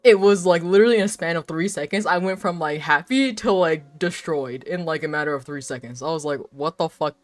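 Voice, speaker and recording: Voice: medium pitch, a little fast, few pauses, dry recording. Young adult streamer, casual chatty ramble, lots of fillers, swears, dry close mic, faint background music. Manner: rambling and animated, heavy filler words, frequent laughs, swearing. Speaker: live streamer. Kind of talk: casual chat while drawing on stream, answering viewers.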